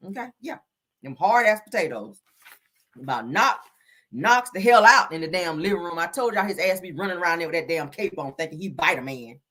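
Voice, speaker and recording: A woman hosting a gossip show, talking in a sassy, animated way, full of "honey" and "child" and swearing. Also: lowish voice, a little fast. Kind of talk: casual gossip commentary.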